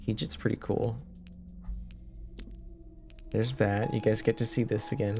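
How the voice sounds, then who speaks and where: A man's voice: lowish voice, fairly even intonation, measured pace, creaky, a little mellow, slight background noise. A man in his twenties from Canada, chatting casually with his live-stream viewers and answering their questions with lots of fillers and restarts.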